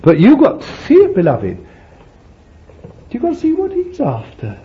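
A man preaching a sermon, calling his listeners beloved, laughing between points and jumping high when he voices prayers and pleas. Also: normal speed. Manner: animated, jumps to high pitch for quoted pleas. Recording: dull lo-fi old sermon tape with faint hiss.

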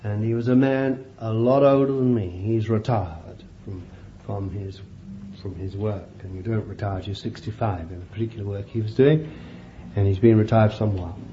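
A man preaching a sermon, animated and laughing often as he calls his listeners beloved. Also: fairly low pitch, normal speed, muffled recording, noisy background.

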